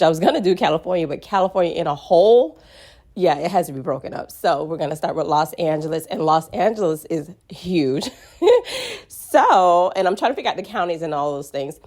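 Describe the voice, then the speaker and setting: A woman welcomes viewers to her channel in a chatty, casual way. Her voice sits fairly low and sounds mellow and soft-edged. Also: normal speed. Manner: chatty, friendly greeting, laughs easily. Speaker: channel host. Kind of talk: casual vlog intro.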